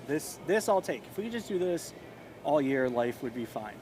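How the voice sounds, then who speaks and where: A man's voice: on the high side, sing-song, normal speed, noisy background. A man hosting a local morning show, chatty and jokey, with rambling restarts. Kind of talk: casual chat.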